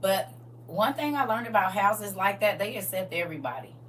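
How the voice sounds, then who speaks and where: Woman around forty spinning stories, slangy and laughing, bright punchy voice, mic kinda far off. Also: mid-range voice, normal speed, slight background noise. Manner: animated, laughing, slangy storyteller. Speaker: livestream co-host. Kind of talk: casual storytelling chat.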